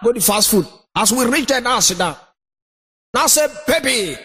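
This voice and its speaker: A man with a Nigerian Pidgin accent, doing animated stand-up storytelling and shouting his punchlines. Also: very high-pitched, moderate pace. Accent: Nigerian Pidgin English. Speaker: stand-up comedian. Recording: noisy recording.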